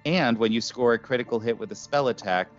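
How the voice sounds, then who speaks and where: Dm casting: easygoing man at mid pitch, dull lo-fi audio, faint music behind. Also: quick pace. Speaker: dungeon master. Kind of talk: running a tabletop game.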